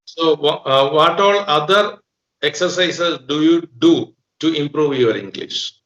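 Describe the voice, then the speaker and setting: A man from Kerala hosting an interview, asking questions in a measured, formal way. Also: a little high, fairly bright tone, reverberant, muffled recording. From Kerala, India. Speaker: host, interviewer.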